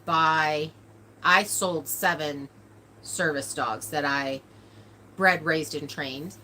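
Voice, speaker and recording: A woman's voice: low-pitched, sharp tone, a little hiss or hum. A woman hosting a casual livestream, chatting and telling stories to viewers in a talkative, laughing way. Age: adult, older than a cousin nine years younger. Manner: chatty storytelling with frequent laughs. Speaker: livestream host of a farm channel. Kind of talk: casual livestream chat, answering viewer comments.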